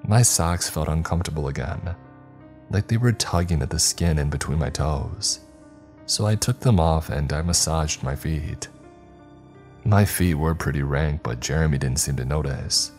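A man narrating a horror story in a measured, grave storytelling manner. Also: extremely low pitch, darkish tone, faint music behind.

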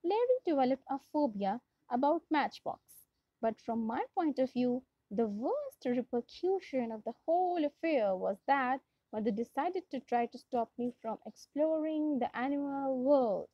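The young English teacher, speaking with a Pakistani English accent, reads to her class in a high voice full of lively intonation, taking her time and often going back to redo a phrase. There's no echo, and the recording sounds dull, dry, and lo-fi.

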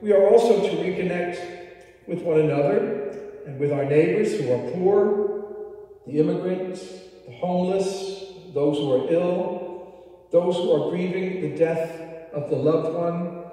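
Middle-aged priest, slow measured homily, a bit high for a man, heard from a distance with long church reverb. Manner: slow, gentle preaching with playful voice impressions in anecdotes. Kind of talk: sermon. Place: large church.

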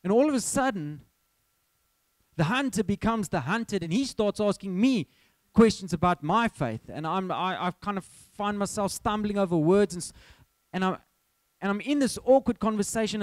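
This is a sermon: a preacher with a somewhat high voice for a man recounts his story energetically and performs his own lines. No room echo is heard; the sound is close and dry.

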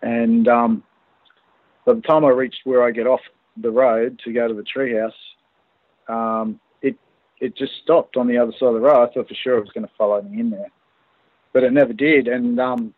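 Australian man, phone-in guest, halting storyteller full of fillers, thin phone-line sound, dry. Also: medium pitch, level tone, no echo. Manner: hesitant, many fillers and restarts. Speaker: guest recounting an encounter. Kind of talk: casual phone interview storytelling. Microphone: phone call.

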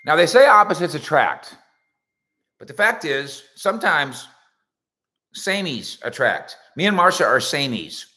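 A man hosting a casual sports talk show in a bright, forceful voice. His pitch swoops up and down a lot as he rambles through jokey stories. He keeps breaking off into playful asides. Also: very animated, unhurried. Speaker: sports radio and web show host. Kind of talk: casual comedic monologue. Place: indoors at home.

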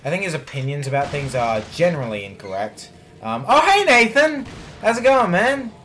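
A man playing a video game with a friend, swearing, teasing him and yelling at the screen in casual commentary. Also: on the high side, big pitch swings, normal speed, a little hiss or hum. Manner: teasing his co-player. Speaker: let's play gamer.

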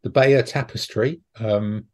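A man's voice: fairly low pitch, steady tone, slow pace. A man hosting a podcast, chatting casually and rambling with frequent ums and restarts. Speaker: podcast host. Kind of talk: casual chat.

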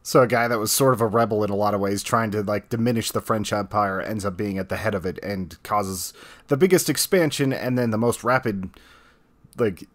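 A man's voice: lowish voice, fairly quick, a bit bright. A man in a casual podcast chat who chimes in with thoughtful, dry remarks.

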